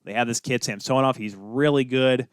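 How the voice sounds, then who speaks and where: A man co-hosting a casual hockey podcast, opinionated and quick with asides. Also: medium pitch, clean tone, no room sound, studio quality. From Minnesota. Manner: opinionated, talks fast with many asides. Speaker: podcast co-host. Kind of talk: casual sports chat.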